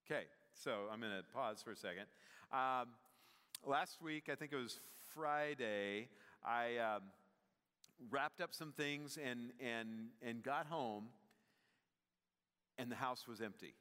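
A man's voice: mid-range voice, slow pace, pauses often, bright, forceful tone, smooth. A man preaching a sermon as pastor, conversational with many fillers, building to emphatic peaks. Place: church sanctuary. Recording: long hall reverb, church sanctuary.

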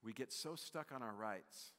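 A man's voice: fairly low pitch, moderate pace, pushed and bright. A man preaching a sermon as pastor, conversational with many fillers, building to emphatic peaks. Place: church sanctuary. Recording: long hall reverb, church sanctuary.

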